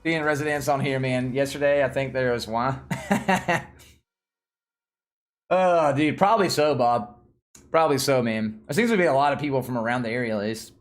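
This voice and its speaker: Faint music sits behind a medium-pitched man from Tennessee who hosts a livestream at a moderate pace, leaving long pauses. Speaking with a Southern American accent, he chats casually, laughs often, and is lively and excitable.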